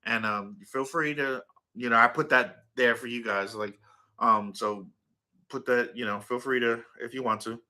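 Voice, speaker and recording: Bright, rambling man chatting live. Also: mid-range voice, fairly even intonation, moderate pace. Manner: rambling, filler-heavy, talks to his dog and chat. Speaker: livestream host. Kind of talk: casual livestream chat with viewers.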